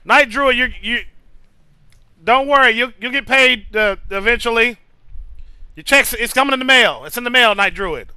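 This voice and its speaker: Male streamer, casual chat, high bright voice, dry close mic, profane and stammering. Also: lively intonation, moderate pace, clean tone, no room sound, low-quality recording. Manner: loose, profane, stammering restarts, reads chat names aloud. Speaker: streamer chatting with viewers.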